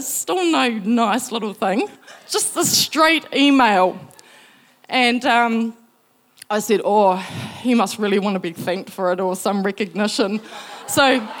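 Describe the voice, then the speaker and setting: A woman's voice: high voice, fairly bright tone. A woman telling a personal faith testimony, acting out the voices she quotes. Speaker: speaker sharing faith story.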